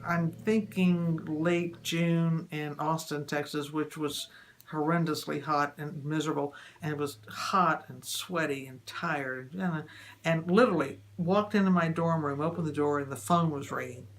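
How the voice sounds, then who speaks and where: An older woman recalls her first date with her husband in a warm interview. She tells it with lively humor and acts out her own thoughts. Light noise hums in the background. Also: deep voice, a little slow. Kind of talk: casual reminiscing interview.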